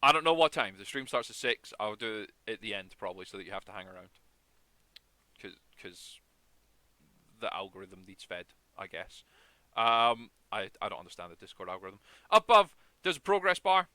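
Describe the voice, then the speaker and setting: A man's voice: fairly low pitch, big pitch swings, normal speed, pushed and bright, dry recording. A man hosting a charity stream over a video call, chatting in a rambling, jokey way. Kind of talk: casual chat.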